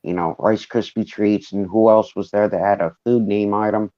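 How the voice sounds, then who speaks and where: A man's voice: fairly low pitch, fairly even intonation, moderate pace, warm tone, highs cut off. A man chatting casually as a guest, wry and then earnest. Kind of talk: casual chat.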